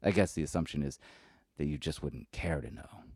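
A man's voice: extremely low pitch, fairly quick, a little mellow, breathy edge, no room sound, clean studio sound. A man doing an awkward, chatty android. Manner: eager, hesitant, rambling.

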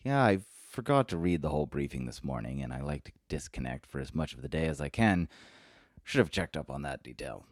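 A man's voice: very deep voice, big pitch swings, fairly quick, no room sound, studio quality, full character voice. A man voicing a friendly, awkward android that rambles eagerly with little hesitations.

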